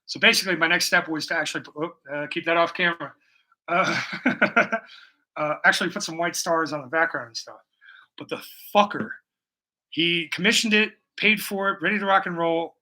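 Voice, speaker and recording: Sharp in tone and slightly high, his voice moves at a moderate pace. As he paints on livestream from his bedroom, he casually rambles to viewers, joking and using profanity.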